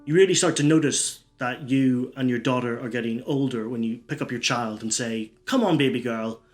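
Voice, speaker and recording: A male stand-up comedian delivers absurd one-liners in a rambling, self-interrupting way, with faint music behind him. His voice is medium-pitched and steady, at a normal speed.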